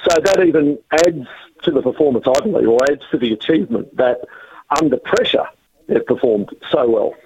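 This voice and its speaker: A man's voice: mid-range voice, moderate pace, a crowd in the background. An Australian man calling in on a phone line to a sports radio show, teasing and rambling in casual chat. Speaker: sports news contributor.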